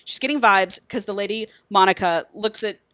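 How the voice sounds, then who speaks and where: A woman's voice: medium pitch, a little fast, fairly bright tone, no echo. A woman co-hosting a podcast, retelling a book plot in casual chat and acting out the characters' lines. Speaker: podcast co-host.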